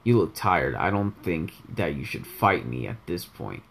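A man voicing a young male fighter character who talks in a flat, deadpan monotone with slight emphasis. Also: low-pitched, unhurried, creaky, pitched below the performer's own voice, heavily acted.

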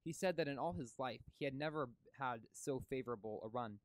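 A man reading a classic novel aloud, steady with occasional stumbles and restarts. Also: medium pitch, brisk, no echo. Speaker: audiobook reader.

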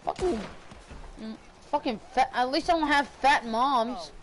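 A woman's voice: sits high, measured pace, a bit bright. A woman live-streaming a game, raging and swearing at her chat. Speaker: gaming streamer.

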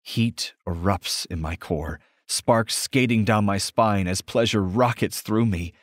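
A man narrating an audiobook romance in the first person with a steady, intimate reading. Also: fairly low pitch, slow pace, no room sound, clean studio sound.

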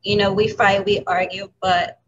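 A woman educator from New York City, talking candidly as an interview guest, halting and laughing softly. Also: medium pitch, flat delivery, a crowd in the background. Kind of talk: emotional interview talk. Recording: dull lo-fi audio with clear background noise.

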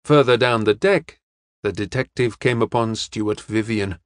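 A man narrating an audiobook in an even, steady storytelling manner. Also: on the low side, measured pace, no room sound, clean studio sound.

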